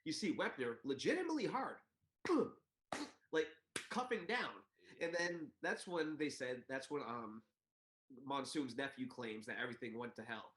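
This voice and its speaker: A man co-hosting a podcast, telling a story in casual chat and acting out quotes with big jumps in pitch. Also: sing-song, a little slow, fairly bright tone. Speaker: podcast co-host. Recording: roomy echo.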